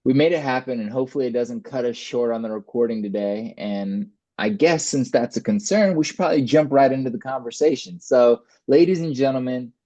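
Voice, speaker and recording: A man's voice: mid-range voice, a little fast, hardly any pauses, no echo, muffled recording. Upbeat chatty man on a video call. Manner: upbeat, chatty, addresses listeners as ladies and gentlemen. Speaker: podcast host and fitness coach. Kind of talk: casual podcast interview over video call.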